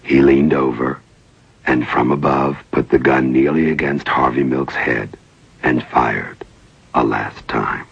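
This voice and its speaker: A man with an extremely low, gravelly voice narrates a documentary in a grave, measured way. His tone is husky and rough. The recording is dry and dull, with little high end. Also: no room sound. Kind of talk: scripted narration.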